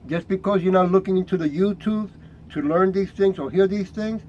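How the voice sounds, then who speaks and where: Preaching with fire, a middle-aged man whose voice pitches slightly high first reads scripture in a slow, deliberate way, then grows confrontational, throwing "right?" at the crowd. The sound is a little mellow with the highs cut off and slight hiss or hum.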